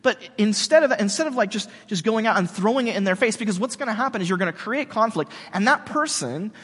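A man preaching a sermon in a relaxed, chatty way, full of slang and fillers. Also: high-pitched, fast talker, slightly rough, in a large hall. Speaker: pastor.

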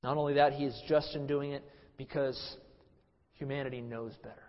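A man's voice: steady tone, fairly quick. Impassioned man preaching in a reverberant hall. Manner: impassioned, swings from loud emphasis to low hush. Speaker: pastor. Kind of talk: sermon. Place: church sanctuary. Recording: muffled sound in a hall with long reverb.

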